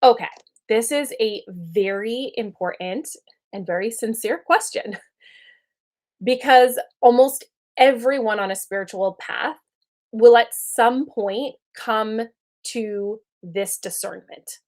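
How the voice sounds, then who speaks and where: A woman's voice: on the high side, takes it slowly, a little mellow. A woman in her thirties giving an earnest, conversational spiritual teaching talk. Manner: earnest, conversational, checks in with "right?".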